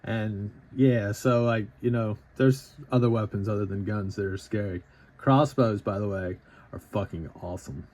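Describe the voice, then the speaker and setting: A man's voice: lowish voice, steady tone, normal speed, darkish tone. A man in his thirties with an Appalachian Southern drawl, telling a casual anecdote in a rambling, profane way full of fillers. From Southern United States. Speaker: storytelling vlogger.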